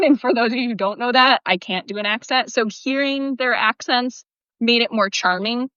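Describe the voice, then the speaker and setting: Female co-host, bright voice, chatty and animated, dry and somewhat muffled. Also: on the high side, normal speed, dry recording. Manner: chatty, animated, many fillers. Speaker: podcast co-host. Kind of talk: casual chat.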